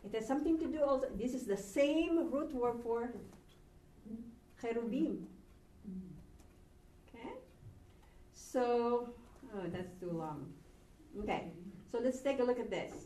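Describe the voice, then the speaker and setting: Slow, patient woman teacher in echoey classroom. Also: on the high side, lively intonation, mellow. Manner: patient, encouraging, drills pronunciation syllable by syllable. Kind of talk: classroom language lesson. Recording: echoey room from a distance, faint background noise.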